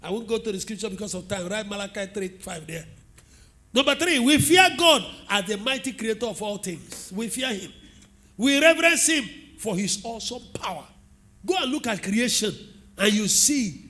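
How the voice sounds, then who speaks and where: Nigerian pastor, middle-aged man, lively storytelling sermon, high tense voice. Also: normal speed. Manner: animated storytelling preacher, asks the congregation questions.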